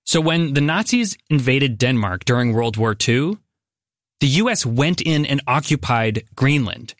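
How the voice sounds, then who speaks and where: Unhurried but animated, a mid-range male voice tells a story on a podcast he hosts, scripted yet sprinkled with banter. The tone is curious and conversational with plenty of casual fillers, captured in a dry, studio-quality recording.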